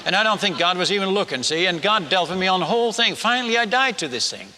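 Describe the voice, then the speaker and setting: A man preaching as a missionary, telling his story with animated, self-mocking humor and frequent stammered restarts. His voice sits high and sounds very bright. A long reverb from a large hall trails behind his words. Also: quick pace, slight background noise. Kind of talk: sermon storytelling.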